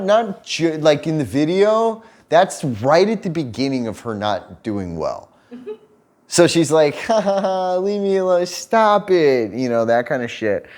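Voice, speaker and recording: A young man casually telling a story to camera, laughing often, swearing freely and acting out what people said. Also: medium pitch. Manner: swears freely, laughs often, animated retelling with quoted voices. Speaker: vlogger telling a story about his partner.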